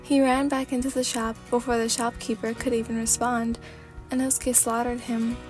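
A woman narrating a fanfic as a sleepy ASMR reading, in a calm, steady storybook manner. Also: on the high side, moderate pace, faint music behind.

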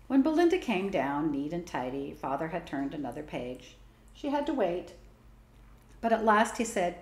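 Brief: woman storyteller, lower voice, lively and animated, roomy recording. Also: moderate pace. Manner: expressive, varied storytelling. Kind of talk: children's story reading. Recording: roomy echo.

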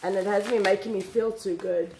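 A woman unboxing gifts on camera, talking excitedly and emotionally to her viewers. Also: medium pitch, brisk, echoey room, a little hiss or hum. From South Africa. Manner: excitable, emotional, exclaiming and laughing. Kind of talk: casual chat to camera.

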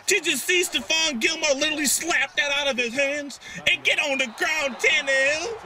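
A young man giving excitable, trash-talking commentary over his own football video game, sometimes drifting into a sing-song delivery. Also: very high-pitched, moderate pace. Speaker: gaming YouTuber. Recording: music playing behind.

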